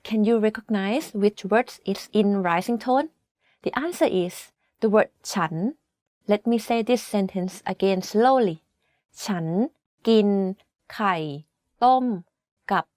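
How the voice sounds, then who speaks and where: A woman whose first language is Thai teaches a scripted video lesson, with clear, deliberate delivery that slows down for example words. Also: fairly high pitch, no room sound, studio quality.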